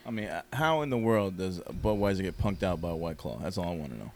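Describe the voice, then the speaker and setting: A man co-hosting a podcast, chiming in with quick, joking interjections. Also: deep voice, animated, gravelly. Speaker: podcast co-host. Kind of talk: casual chat.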